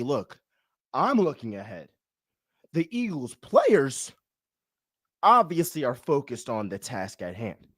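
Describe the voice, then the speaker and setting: Hyped high-voiced man, trash-talking fan. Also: dry recording, clean studio sound. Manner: excitable, chanting and singing, trash-talking. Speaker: sports reaction streamer. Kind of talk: hyped fan reaction commentary.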